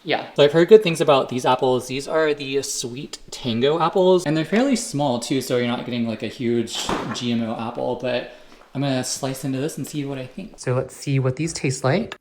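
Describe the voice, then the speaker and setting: A man's voice: mid-range voice, normal speed, a little mellow, a little hiss or hum. Chatty man vlogging at home. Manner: chatty, rambling, explains skincare science. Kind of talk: casual vlog chat. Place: home, indoors.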